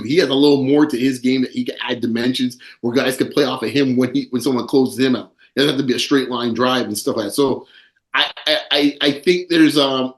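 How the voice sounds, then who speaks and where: A man hosting a casual basketball podcast, talking quickly with lots of asides and frequent laughs. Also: mid-range voice, echoey room. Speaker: podcast host. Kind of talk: casual sports chat.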